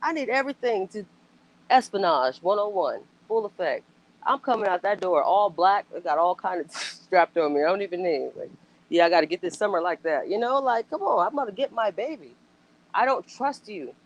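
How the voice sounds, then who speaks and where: A woman with a mid-range voice speaks at normal speed, heard through poor audio, as a commentator in a casual reaction chat. She's blunt and emphatic, swearing freely, firing off rhetorical questions, and breaking into animated outbursts.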